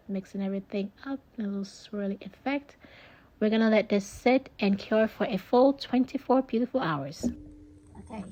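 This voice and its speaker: A woman's voice: mid-range voice, mellow. Chatty woman narrating a craft project. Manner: chatty, self-deprecating, often drops to a whisper. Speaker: crafting vlogger.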